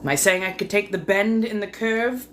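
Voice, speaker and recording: A woman's voice: mid-range voice, moderate pace. A woman chatting casually with viewers on a live stream, teasing and flirty, full of innuendo and muttered asides. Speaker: livestream host. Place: home. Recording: steady room noise behind voice.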